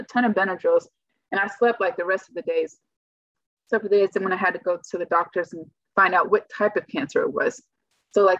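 A woman's voice: fairly low pitch, a bit bright, no echo. A young woman talking through her own experience in a casual, chatty interview. She keeps acting out her own reactions as she tells it. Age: young adult. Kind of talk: casual personal storytelling. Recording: dull lo-fi dry recording.

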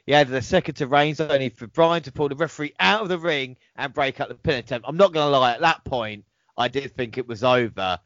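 A man's voice: medium pitch, no echo, muffled recording. A man hosting a podcast, reading out match results and reacting with laughs and swearing. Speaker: podcast host. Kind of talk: casual wrestling recap chat.

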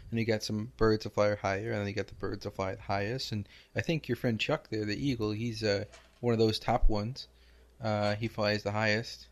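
A man playing a deadpan loon. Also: on the low side, moderate pace, hardly any pauses, natural voice. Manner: deadpan, tags lines with "eh?". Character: Canadian male loon, clannish and deadpan. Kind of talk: improvised comedy interview.

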